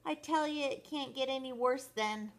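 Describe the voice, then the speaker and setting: A woman's voice: high voice, moderate pace, pitched above the performer's own voice. A woman voicing a scared little toddler boy who stammers and frets in a storybook read-aloud. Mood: panicky. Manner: anxious, stammering.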